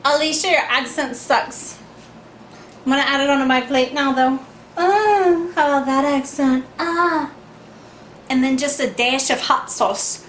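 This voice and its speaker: A woman's voice: sits high, measured pace, fairly bright tone, roomy sound, a little hiss or hum. A woman doing a bubbly Harley Quinn. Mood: playful. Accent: put-on Harley Quinn Brooklyn-style accent.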